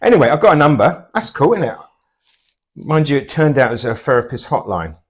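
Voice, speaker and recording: Teasing Portsmouth man with lively pitch. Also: brisk. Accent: Portsmouth English. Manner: teasing, lively, dry quips. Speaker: comedy double-act host. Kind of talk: comic sketch banter.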